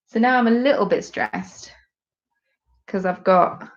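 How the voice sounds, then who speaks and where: A woman's voice: mid-range voice, measured pace, highs cut off. A woman hosting a knitting podcast live, chatting casually and rambling while she knits and reads out viewer comments at home. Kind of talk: casual live-stream chat.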